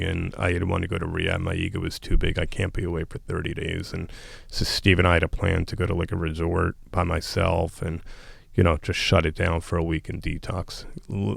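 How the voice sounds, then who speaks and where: As a podcast guest, a man candidly tells a raw personal story, blunt and emotional, often restarting sentences and quoting dialogue. His low voice is level, fairly quick, with vocal fry and a breathy edge, in clean, echo-free studio sound.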